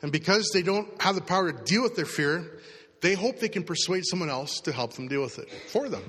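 Male pastor, conversational sermon, acts out inner voices, bright tone, big hall reverb. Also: sits high, lively intonation, a little fast, a little hiss or hum. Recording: long reverb of a large hall.

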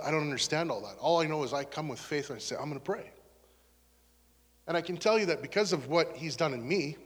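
Pastor, male, slightly high voice, earnest conversational testimony, long hall reverb. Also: a bit bright. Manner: earnest, conversational, turns emotional. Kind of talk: testimony sermon.

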